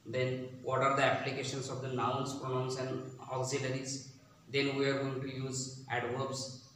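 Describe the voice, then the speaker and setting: Man, grammar lesson, slow repetitive explaining, very echoey, distant mic. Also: mid-range voice, completely flat delivery, fairly bright tone, a little hiss or hum. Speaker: English grammar teacher. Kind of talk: classroom-style grammar lesson.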